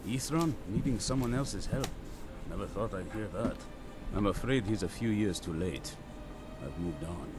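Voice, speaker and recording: An actor playing a gruff male hunter in a fantasy game, speaking tersely and sternly. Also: fairly low pitch, animated, normal speed, close to an everyday voice. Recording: game dialogue with music behind.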